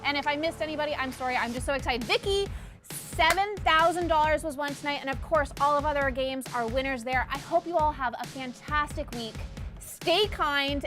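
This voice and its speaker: A woman hosting a live TV bingo show, gushing and excitable as she announces the jackpot. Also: sits high.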